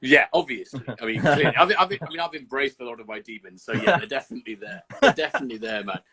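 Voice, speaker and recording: Man from birmingham, host, blunt and sweary, forceful husky voice, video call. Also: medium pitch, lively intonation, fast talker. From Birmingham, England. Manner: swears freely, chatty and blunt. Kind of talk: casual interview chat.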